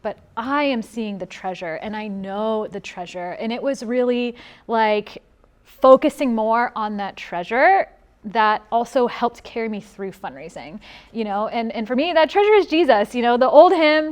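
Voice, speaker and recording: Reflective woman with a higher voice. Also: animated, moderate pace. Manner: reflective, uses many fillers. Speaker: missionary sharing testimony. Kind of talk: casual testimony.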